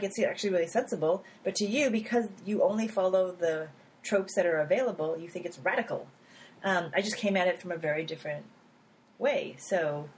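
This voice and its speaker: A woman founder talking casually in an interview, animated, with lots of fillers, laughs and acted-out quotes. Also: lowish voice, a little hiss or hum, poor audio. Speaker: app founder.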